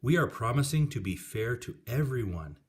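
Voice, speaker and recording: A man reading aloud as a loving great-aunt in her eighties, speaking warmly and proudly to a child. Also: medium pitch, lively intonation, moderate pace, close to an everyday voice. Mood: tender. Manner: warm, proud, storytelling.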